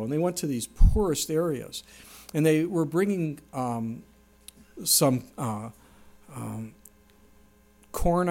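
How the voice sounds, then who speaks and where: A middle-aged pastor preaches earnestly, his voice rising sharply in pitch and loudness whenever he stresses a point.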